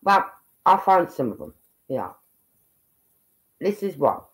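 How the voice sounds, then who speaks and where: Chatting casually on a livestream, this woman from Birmingham thinks aloud in a low voice with big swings in pitch, speaking slowly. Her Brummie accent marks her as English, and she's working as a livestream commentator.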